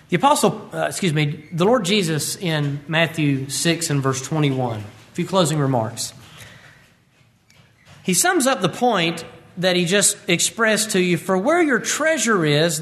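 A man's voice: a little high, a bit bright. A man preaching a sermon, emphatic and repeating his key lines as he quotes scripture.

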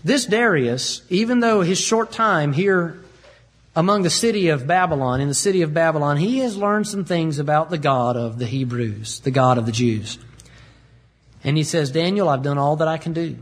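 A preacher delivers a sermon with a high, husky voice. He is emphatic, drives points home through repetition, and explains scripture in plain words. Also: moderate pace.

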